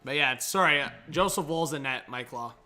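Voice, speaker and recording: A man's voice: fairly high pitch, a little fast, pushed and bright, soft background music. A young man hosting a live hockey reaction stream, chatting casually and reading viewer messages aloud.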